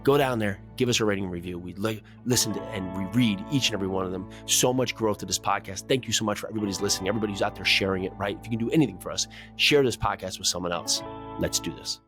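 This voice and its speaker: A man's voice: on the low side, rapid-fire, music in the background. A man hosting a podcast, delivering an emphatic motivational monologue built on repeated rallying phrases. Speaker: podcast host.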